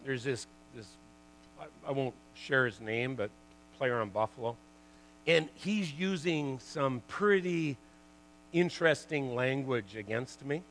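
A man in his sixties, a former pro hockey player, telling lively stories to an audience, full of "you know" and "like" and laughing at his own tales. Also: medium pitch, a little hiss or hum, low-quality recording. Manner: chatty, lots of "you know" and "like". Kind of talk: storytelling talk to an audience.

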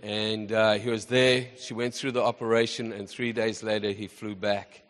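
A man hosting as pastor, telling a story with deep emotion to his congregation. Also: little pitch movement, normal speed, a bit bright. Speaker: host pastor. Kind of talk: sermon. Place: church hall with congregation. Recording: church hall reverb with congregation.

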